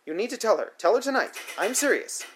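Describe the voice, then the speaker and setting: A man's voice: very high voice, steady tone, quick pace, a little hiss or hum, pitched above the performer's own voice. Man putting on an angry accusing babysitter woman. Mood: insistent. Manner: hot, demanding interrogation.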